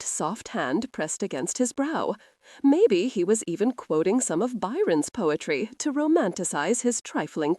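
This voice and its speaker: Woman narrator, romance audiobook, lively pitch, dry close mic. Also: no room sound.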